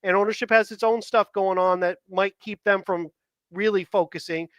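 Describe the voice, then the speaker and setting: A man's voice: sits high, steady tone, normal speed, a bit bright, no room sound. A man co-hosting a sports podcast in casual chat, rambling and asking long, winding questions. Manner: acts out quoted dialogue. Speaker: podcast co-host.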